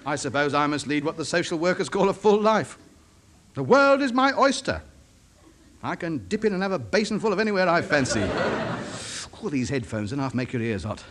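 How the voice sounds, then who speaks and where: A man's voice: a little high, sing-song, fairly quick. An actor playing a lonely, self-important middle-aged radio ham. He mutters to himself and chats pompously in a 1950s radio comedy. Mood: musing. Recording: hissy old broadcast recording.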